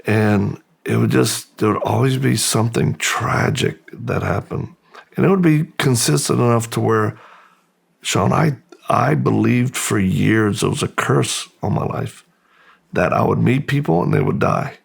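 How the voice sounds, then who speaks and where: A man from the United States, a guest in an interview, slowly and reflectively telling his life story with pauses and restarts. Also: on the low side, lively intonation, gravelly, husky.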